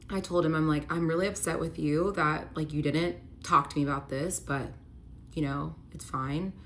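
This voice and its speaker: Low-voiced woman telling an emotional story. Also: a little hiss or hum. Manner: candid, many "like" fillers, rises to pleading when reliving the argument. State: emotional, near tears. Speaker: vlogger telling a personal story.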